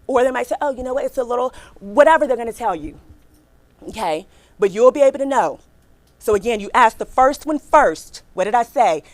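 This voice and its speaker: A middle-aged woman giving a lively workshop talk on careers to a live audience in a hall, emphatic and repeating her points, often checking in with "right?" and "okay?". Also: on the high side, brisk. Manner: acts out quotes with a bright smile in her voice.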